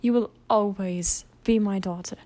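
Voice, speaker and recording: A woman's voice: medium pitch, steady tone, unhurried, natural voice. Stolas, a woman voicing a tender owl demon father. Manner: soft, gentle and apologetic.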